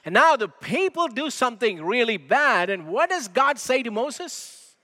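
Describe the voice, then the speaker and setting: A man preaching a sermon as pastor in a church, measured and emphatic, asking rhetorical questions. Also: very high voice, big pitch swings, sharp tone, long reverb tail. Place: church sanctuary.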